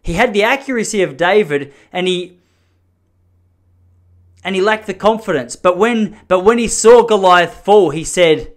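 Aussie podcast host guy, rambly sarcastic comedy monologue, kinda high voice for a bloke. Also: unhurried. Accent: Australian. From Melbourne, Australia. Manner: rambling, sardonic, animated storytelling.

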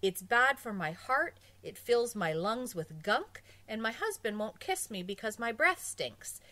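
A frazzled woman smoker in a storybook, as the reader puts her on, raising her voice high and emphatic, then sinking into slow, flat repetition while hypnotized. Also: no echo, heavily acted. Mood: anxious.

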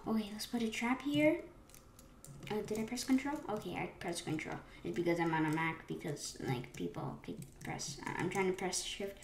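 A woman commenting live on her gameplay, excitable, with sudden gasps and rambling restarts. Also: lowish voice, normal speed, slight background noise. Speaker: gaming channel host. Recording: roomy echo with faint keyboard clicks.

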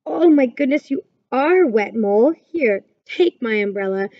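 A woman's voice: on the high side, lively intonation, measured pace, no room sound, highs cut off. Woman doing a cheerful little boy hedgehog. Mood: concerned.

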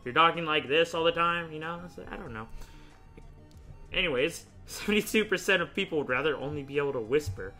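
A young man hosting a casual gaming video, chatting and thinking out loud, often laughing as he rambles through choices. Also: fairly high pitch, lively intonation, brisk, faint music behind. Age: young adult. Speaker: YouTube host playing a choice game.

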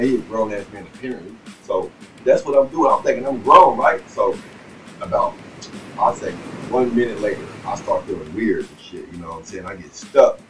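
A man telling a personal story in a casual, rambling monologue full of profanity and "you know what I'm saying." He swings between loud bursts and low muttering. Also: moderate pace. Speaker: vlogger telling a life story. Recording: distant mic with faint background noise.

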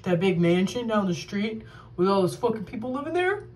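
A woman's voice: medium pitch, sing-song, a little fast, darkish tone, distant mic, pitched below the performer's own voice, close to an everyday voice. A woman voicing a blunt young female neighbor who swears casually.

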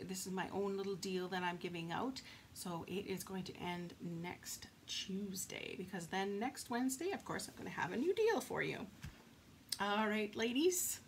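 A woman's voice: mid-range voice, slight background noise. A chatty woman from Canada hosting a live stamping and card-making demo, laughing often and thanking viewers by name. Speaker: craft demonstrator. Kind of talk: casual live craft demo chat.

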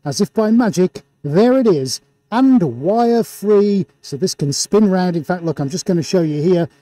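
A man hosting a live painting stream in an indoor studio, talking through a face mask and calling out viewer shout-outs with showman-like excitement. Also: sits high, normal speed, dry recording. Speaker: livestream host and painter.

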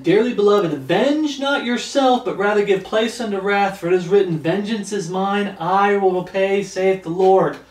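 A man's voice: sits high, far from the mic. Man preaching in a roomy echo. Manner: reads verses slowly with rising emphasis, then comments bluntly. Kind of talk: sermon reading scripture.

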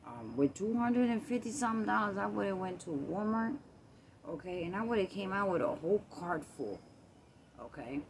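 A woman's voice: mid-range voice, big pitch swings, moderate pace, a little hiss or hum. A woman vlogging on a night walk through her neighborhood, casually and animatedly retelling a story with lots of quoted back-and-forth. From Puerto Rico. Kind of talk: casual storytelling while walking. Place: outdoors in a quiet neighborhood at night.

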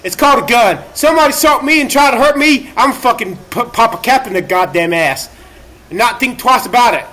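A man with a very high, sharp voice rants through a livestream, profane and erratic and full of self-pity. He breaks into shouts now and then. He is recording in a laundromat. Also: expressive, a little fast. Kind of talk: ranting livestream monologue.

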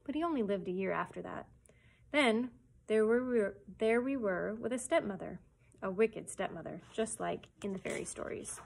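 A woman's voice: mid-range voice, animated, normal speed, gravelly. Woman reading as a folksy beauty salon worker, homespun and chatty, storybook. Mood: reminiscing. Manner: folksy, reminiscing, warm small-town talk.

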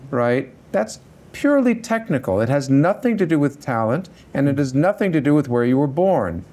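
A middle-aged man who teaches acting, talking through a workshop Q&A in an animated, conversational way and swearing casually. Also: on the high side, brisk. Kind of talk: workshop Q&A talk.

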